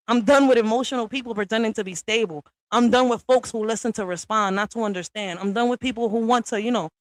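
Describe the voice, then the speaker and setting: A woman's voice: medium pitch, dry recording. Woman going off on a stream, blunt and cussing, dry close mic. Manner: blunt, profane, confrontational. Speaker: livestream host. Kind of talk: ranting monologue to viewers.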